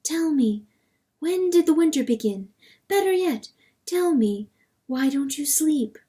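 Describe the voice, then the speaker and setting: A woman's voice: sits high, animated, unhurried, mellow, voice pushed up. A woman voicing an anxious, devoted hen wife who begs her mate to stay, in an imploring, urgent manner. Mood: insistent.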